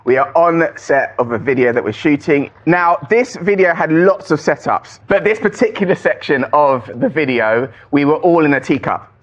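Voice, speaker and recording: A man, a panellist on a comedy show, telling an anecdote in a relaxed way. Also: a little high, moderate pace, hardly any pauses, muffled recording. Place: TV studio.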